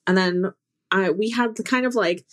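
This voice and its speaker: A woman's voice: medium pitch, normal speed. A woman co-hosting a podcast, telling stories in casual chat with laughs and restarts. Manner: animated storytelling with laughs and restarts. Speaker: podcast co-host.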